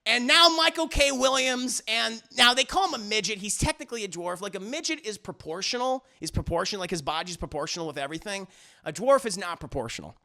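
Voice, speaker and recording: Gravelly, profane streamer rambling through a recap. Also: male voice, sits high, lively intonation, quick pace, pushed and bright. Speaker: streamer reviewing a show. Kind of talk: casual live-stream recap.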